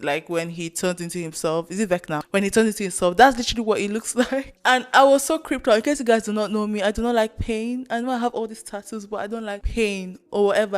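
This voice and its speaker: A woman's voice: medium pitch, smooth. Chatty young woman telling a storytime. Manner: animated retelling, acting out others' lines, frequent "like" and "yo". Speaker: vlogger. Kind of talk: casual storytime vlog.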